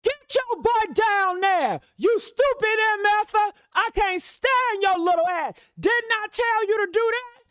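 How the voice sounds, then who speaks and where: Woman doing an abusive father yelling. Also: very high voice, expressive, a little slow, dry recording, clean studio sound, pitched above the performer's own voice, exaggerated voice. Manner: yelling, cursing. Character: abusive father cursing at his small son.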